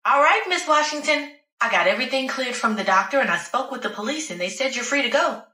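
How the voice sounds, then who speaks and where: A woman voicing a brisk, upbeat female hospital nurse in an audiobook. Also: high-pitched, expressive, sharp tone, reverberant, far from the mic, pitched above the performer's own voice. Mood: cheerful.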